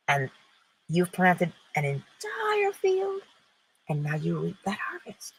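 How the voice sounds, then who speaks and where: A woman's voice: mid-range voice, very animated, a little slow, fairly bright tone, slightly rough, low-quality recording. A woman hosting an inspirational talk, speaking emphatically and posing rhetorical questions that she answers herself. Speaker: host.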